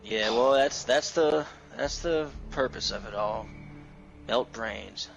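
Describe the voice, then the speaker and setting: A man with a gravelly voice, joking his way through half-serious theories in a casual gaming chat, pausing and restarting often. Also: medium pitch, lo-fi sound, music in the background. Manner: hesitant, tongue-in-cheek, joking. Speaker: guest with conspiracy theories.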